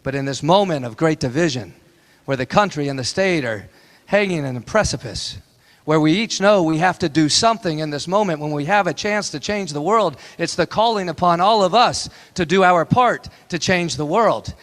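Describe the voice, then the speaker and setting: A man's voice: fairly high pitch, animated, normal speed, a bit bright. A man in his forties giving a town hall campaign speech, telling a family story in a folksy, impassioned way with repeated rhetorical lines. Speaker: political candidate. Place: town hall meeting room.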